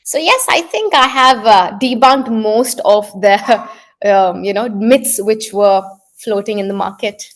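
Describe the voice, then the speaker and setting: A woman from India, an IELTS instructor and communication coach, explaining step by step in a brisk interview, often checking in with tag questions. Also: medium pitch.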